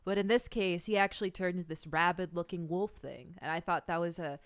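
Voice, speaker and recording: A woman's voice: on the low side, a little fast, no room sound, clean studio sound. A woman co-hosting a podcast in casual chat, blunt and opinionated, swearing freely. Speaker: podcast co-host.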